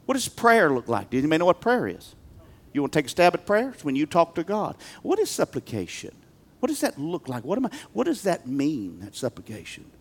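A male pastor preaching a sermon, emphatic, swinging from loud bursts to quiet talk. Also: fairly high pitch, huge pitch swings, fairly quick, slightly rough.

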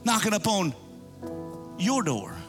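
Man, pastor, sermon, folksy, exhorting, sharp forceful tone. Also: high voice, wildly swooping pitch, slow pace, soft background music. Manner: folksy, exhorting, talks straight to the congregation. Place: church.

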